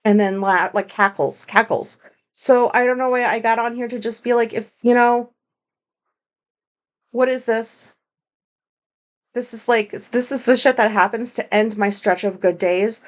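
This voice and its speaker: A woman hosts a solo podcast from home, and her voice sits a little high for a woman. She rambles freely with lots of fillers, and her talk is candid and heavy on swearing. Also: a little slow, long pauses. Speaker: podcast host. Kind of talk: casual solo podcast monologue.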